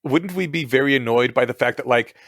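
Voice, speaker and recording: Relaxed man in a dry, close recording. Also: mid-range voice, a little fast, no room sound. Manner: relaxed, agreeable, brief backchannels. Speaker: podcast co-host. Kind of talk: casual chat.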